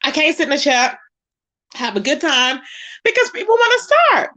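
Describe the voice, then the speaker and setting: A woman with a high voice chats on her livestream. She reads the chat out loud and roasts a rival with sass. She drawls pet names like baby and boo between her jabs. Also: very animated, moderate pace. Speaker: livestream host.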